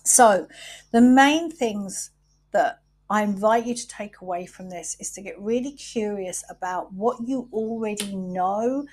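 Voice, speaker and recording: A middle-aged woman hosting a podcast, talking candidly about her wellbeing routines, unhurried and reflective, swearing freely. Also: mid-range voice, darkish tone. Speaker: podcast host.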